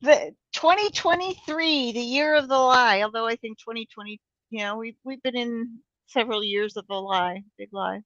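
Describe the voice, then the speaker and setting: A woman's voice: fairly high pitch, moderate pace, a bit bright, no echo. A woman co-hosting a livestream, giving brief, wry replies in casual chat. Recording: dull lo-fi stream audio.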